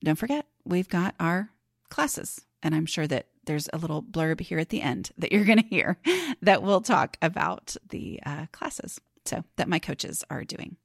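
A chatty woman hosts a podcast, effusive and quick to laugh. Her voice has a gravelly fry to it, and the recording is dry and close. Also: lowish voice, sing-song, dry recording. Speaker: podcast host. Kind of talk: casual chat.

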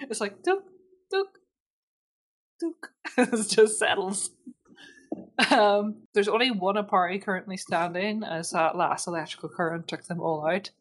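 Unhurried and medium in pitch, this female game master narrates a tabletop role-playing session. She's relaxed and prone to giggles, filling her speech with lots of fillers.

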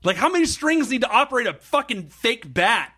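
A young man co-hosting a podcast in casual chat, animated and laughing, swearing as he acts out movie scenes. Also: very high-pitched, fairly quick. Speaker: podcast co-host.

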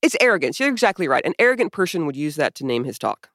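A woman co-hosting a podcast, talking in casual chat. She is sarcastic and profane, and her pitch swings widely. The sound is close and dry. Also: big pitch swings, quick pace, fairly bright tone, dry recording. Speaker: podcast co-host.

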